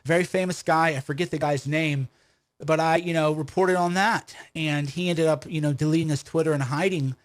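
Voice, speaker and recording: A man's voice: on the high side, steady tone, normal speed. A man hosting a livestream commentary, combative and full of rhetorical questions and restarts. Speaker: commentator and host of his own stream.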